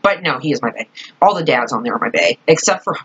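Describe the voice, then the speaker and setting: Young female vlogger, low husky voice, rambling fan chat, dull lo-fi home recording. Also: quick pace. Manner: rambling, expressive, swears casually.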